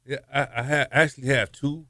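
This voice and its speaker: A man's voice: mid-range voice, steady tone, a little fast, pushed and bright, dry recording, studio quality. A man in his fifties, a former college quarterback, telling game stories in a casual interview and laughing as he goes.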